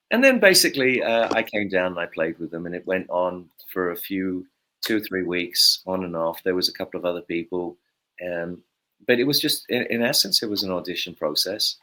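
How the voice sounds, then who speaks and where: A man's voice: deep voice, animated, brisk, pushed and bright. Man rambling through a story. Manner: rambling storyteller, many fillers. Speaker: guest bassist. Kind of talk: anecdotal interview talk.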